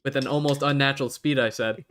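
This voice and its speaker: A man's voice: mid-range voice, fairly even intonation, fast talker, a bit bright, slight background noise. A man narrating as game master in a tabletop game, in a playful storyteller manner.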